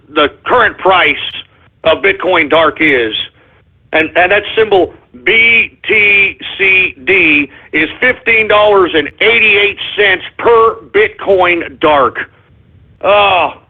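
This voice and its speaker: A male talk radio host delivering an excitable, flustered monologue, often stumbling and apologizing. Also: sits high, husky. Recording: phone-like lo-fi radio sound.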